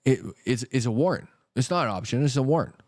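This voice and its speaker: A man's voice: medium pitch, expressive, fast talker, a little mellow, no echo, clean studio sound. Exasperated, foul-mouthed male stream host. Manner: exasperated, swears heavily, repeats himself. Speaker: stock market livestream host. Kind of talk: casual profane market rant.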